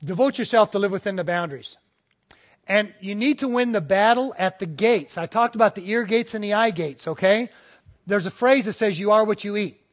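A man's voice: high-pitched, a little fast. A male pastor preaching a conversational sermon, often checking in with the congregation and acting out little stories. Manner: tells stories and acts out voices within them.

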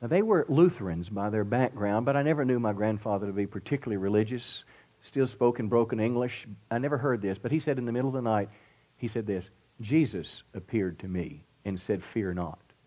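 A middle-aged male pastor in mid-sermon with a middle-pitched voice, pressing his points with emphatic call-outs. He drops to a hushed, slow delivery for his stories before building back up. The sermon is delivered at a church service.

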